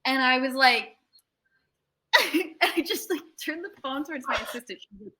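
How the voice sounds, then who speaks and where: A young woman talks through a long story in a relaxed interview, animated and swearing freely as she slips into other people's voices. Her voice sits a little high, with a bright, forceful edge. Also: moderate pace. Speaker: tattoo artist guest.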